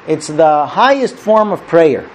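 There's slight background noise as a rabbi with a voice on the high side teaches a conversational lesson, very animated but unhurried. Chatty throughout, he asks "okay?" and "right?" to check in and performs the characters in his tales.

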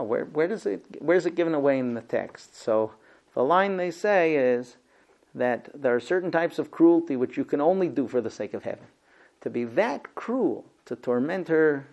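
A male teacher leads a Bible class, retelling the story with animated, lively storytelling. He often stops for rhetorical questions. His voice sits fairly high for a man. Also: highs cut off.

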